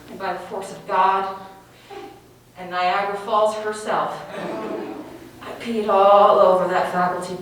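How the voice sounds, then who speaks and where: A young woman telling a stand-up story on a small theater stage, animated and giggly. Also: mid-range voice, slow pace, long pauses, background noise. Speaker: comedian. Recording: echoey stage from far off.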